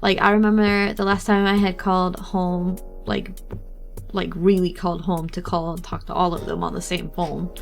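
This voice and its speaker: A woman's voice: lowish voice, level tone, normal speed, gravelly, faint music behind. A young woman streamer chatting casually while she draws, rambling and teasing, laughing often. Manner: teasing, snarky.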